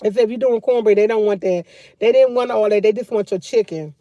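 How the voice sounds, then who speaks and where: Loud chatty woman on a livestream. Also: mid-range voice, quick pace, no room sound, highs cut off. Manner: loud, laughing, chatty storytelling. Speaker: livestream host. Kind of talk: casual livestream chat.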